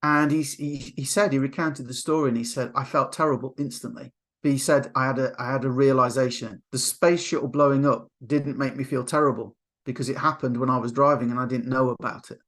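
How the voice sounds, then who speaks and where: A man giving a motivational coaching talk, telling stories with lively acted-out quotes. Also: medium pitch, fairly quick. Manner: animated storyteller, acts out quotes. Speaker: NLP coach.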